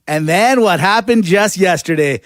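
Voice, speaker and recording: A man's voice: high voice, moderate pace, clean studio sound. A man co-hosting a sports podcast, trading jokes and echoing his co-host in casual banter. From Canada. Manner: animated, jokey, echoes his co-host.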